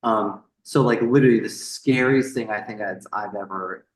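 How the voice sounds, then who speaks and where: Guesting on a podcast, a man with a fairly low voice tells a story at a moderate pace, animated and cursing freely. He repeats words as he goes and performs the people he quotes, all in an echoey room, in a casual storytelling interview.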